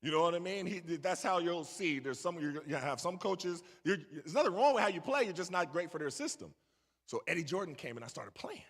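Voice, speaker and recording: In an echoey, large church hall, a middle-aged man appears as a guest speaker, telling a young crowd a story and trading banter with them. His voice is a little high, animated, and fairly quick.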